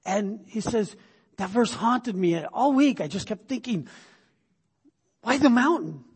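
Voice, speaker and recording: A man's voice: high voice, a little slow, darkish tone, slightly rough. A middle-aged male pastor preaching a conversational sermon, full of restarts and sudden bursts of emphasis. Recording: long hall reverb.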